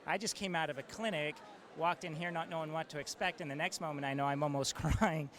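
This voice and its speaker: A man with a fairly high voice talks with enthusiasm and feeling. He halts often on fillers as he finds his words, and he speaks outdoors. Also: fairly even intonation, a bit bright. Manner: enthusiastic, moved, halting with fillers. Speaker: eye surgeon and mentor. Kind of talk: interview answer.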